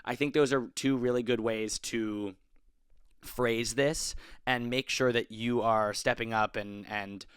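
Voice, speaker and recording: Young guy hosting a podcast, rambles and restarts a lot, smooth clear voice. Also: medium pitch, steady tone, a little slow, no echo, studio quality. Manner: rambling, filler-heavy, self-correcting. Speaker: podcast host. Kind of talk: casual advice podcast.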